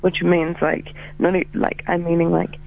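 High gravelly man on a tinny phone line. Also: monotone, moderate pace. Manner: chatty, filler-heavy, laughs easily. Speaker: band musician guest. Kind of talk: casual interview chat.

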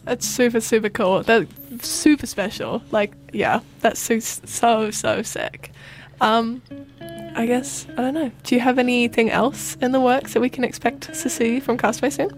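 A woman hosting a casual radio interview, relaxed and encouraging, with short friendly affirmations between her questions. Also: on the high side, a little slow, soft background music, low-quality recording.

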